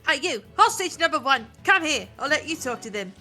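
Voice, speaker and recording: A woman's voice: sits high, sing-song, brisk, pushed and bright, soft background music, full character voice. A woman voicing a gloating female villain who holds hostages, mocking and threatening. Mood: menacing.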